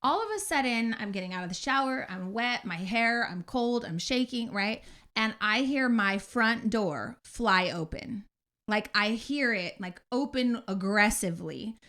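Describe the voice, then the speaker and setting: A woman in her forties, a podcast co-host, telling a story in casual chat, animated and acting out her own outbursts with swearing. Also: fairly high pitch, measured pace. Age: 40s.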